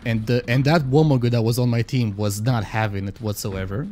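A man streaming a game live, chatting casually with viewers, excitable and swearing freely. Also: mid-range voice, moderate pace, slight background noise.

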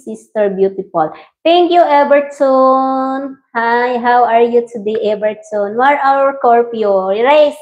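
A woman's voice: mid-range voice, a little mellow. A woman hosting a casual livestream, reading viewer comments and greeting them by name in simple English. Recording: dull lo-fi stream audio.

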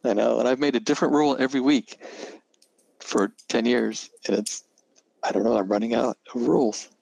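A man hosting a programming webinar, joking with deadpan banter and running through the house rules. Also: mid-range voice, a little fast, creaky, no echo, rough recording. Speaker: host of a programming webinar show. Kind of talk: casual chat, reading house rules.

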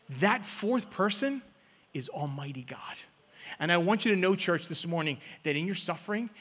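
A male pastor preaching a sermon in a church, urging the crowd to answer back and swinging between loud calls and hushed words. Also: sits high, lively intonation, moderate pace, husky. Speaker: guest pastor. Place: church sanctuary. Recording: long reverb of a church hall.

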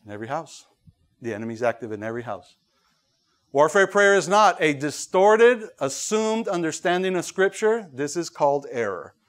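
Male pastor, high voice, animated sermon delivery with restarts and acted-out voices. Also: normal speed. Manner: animated preaching, acts out voices, many fillers and restarts.

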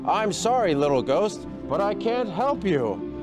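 Man playing a kind pigeon, soft, high coos. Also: very animated, measured pace, over music. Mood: gentle. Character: gentle early-rising pigeon.

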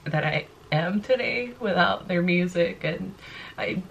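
Teary, giggly young woman with vocal fry. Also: fairly low pitch, measured pace, highs cut off, slight background noise. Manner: gushing, giggly, breaks into laughter often. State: teary and emotional. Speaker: vlogger. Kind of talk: casual emotional vlog to camera.

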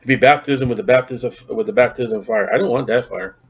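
A man's voice: medium pitch, quick pace, husky. A man preaching a sermon in a folksy, emphatic way, quizzing his congregation and reading scripture aloud. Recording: dull lo-fi sound.

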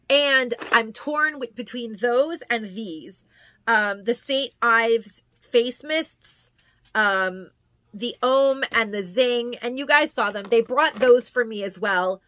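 Bright, chatty woman vlogger. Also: a little high, no echo. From New York. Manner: chatty, gushing, repeats words for emphasis. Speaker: haul vlogger. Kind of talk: casual product haul chat.

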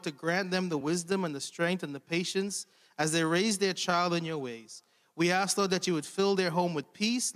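Man praying in a reverberant hall. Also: sits high. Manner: steady, earnest prayer cadence. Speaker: church leader leading prayer. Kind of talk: spoken prayer.

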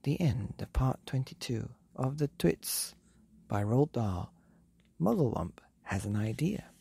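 A man hosting a bedtime story podcast, reading a children's book aloud in a gentle, animated way. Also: medium pitch, takes it slowly, gravelly, breathy edge.

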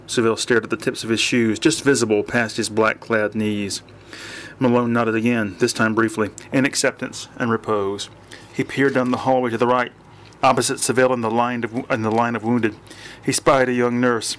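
A man narrating an audiobook in a dry, measured reading voice. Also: mid-range voice, level tone, fairly bright tone, a little hiss or hum.

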